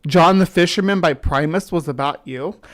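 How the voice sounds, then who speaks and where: A woman's voice: fairly low pitch, normal speed. A woman with a central US accent, chatting casually and rambling as a livestream host while she greets viewers. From central US, between the South and the upper Midwest. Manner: skeptic.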